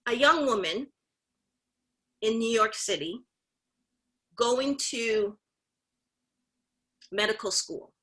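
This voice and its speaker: A woman's voice: a little high, expressive, slow, long pauses, bright, forceful tone, low-quality recording. A woman giving a motivational talk to a mentorship group, emphatic and direct, often repeating phrases and calling out to her listeners. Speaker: mentorship session speaker.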